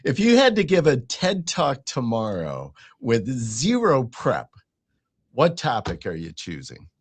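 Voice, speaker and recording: A man's voice: medium pitch, huge pitch swings, measured pace, husky. A man hosting a casual interview, upbeat and asking playful questions. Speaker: host.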